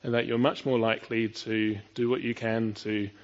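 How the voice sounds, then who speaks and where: A man's voice: medium pitch, flat delivery, normal speed, muffled recording. A man preaching a sermon, earnest and full of rhetorical questions, building to emphatic peaks.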